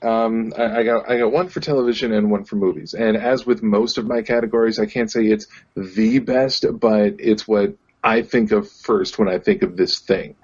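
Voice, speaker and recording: Hesitant husky-voiced man chatting. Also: lowish voice, steady tone, normal speed, darkish tone, dull audio. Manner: hesitant, filler-heavy. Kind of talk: casual podcast chat.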